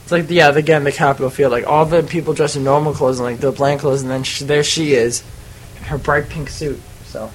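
A man co-hosting a casual group chat, talking in a relaxed, chatty way with some hesitation. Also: a little high, fairly quick, a little hiss or hum, low-quality recording. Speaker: podcast co-host.

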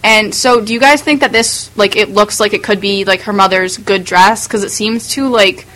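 A woman's voice: medium pitch, fairly even intonation, moderate pace, fairly bright tone, poor audio. A woman in a casual group chat, talking with many hesitations and fillers.

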